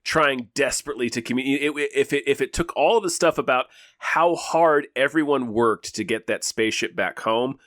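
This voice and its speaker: A man's voice: medium pitch, moderate pace, hardly any pauses, a bit bright, no echo, studio quality. Sarcastic man riffing on movies. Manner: sarcastic, stammering restarts, builds comic analogies. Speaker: podcast co-host. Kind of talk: casual movie chat.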